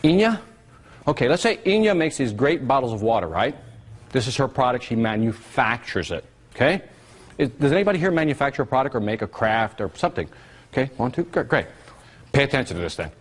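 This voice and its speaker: A man giving a live marketing seminar, animated and teasing, drawing call-and-response from his audience. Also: mid-range voice, fairly quick.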